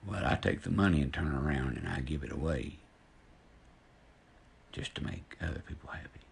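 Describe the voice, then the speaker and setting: A man's voice: very deep voice, lively intonation, normal speed, creaky, slightly rough, full character voice. A man voicing a kindly, generous male singing star, folksy and calling a woman baby. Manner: warm, folksy, calls her baby.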